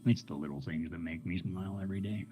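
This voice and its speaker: A man's voice: low voice, a little fast, dark tone, faint music behind, poor audio. A man streaming games, going off on a rambling, profane rant and often laughing. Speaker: game streamer.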